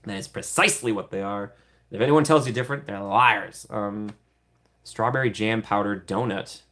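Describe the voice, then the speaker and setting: Chatty low-voiced man. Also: normal speed, fairly bright tone. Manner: chatty and playful, giggles often. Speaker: streamer answering live chat. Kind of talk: casual livestream chat.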